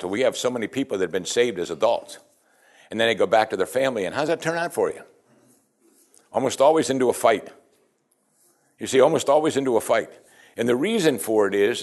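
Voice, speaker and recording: A man preaching a sermon as pastor in a conversational way, often saying "you see" and restarting his sentences. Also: on the low side.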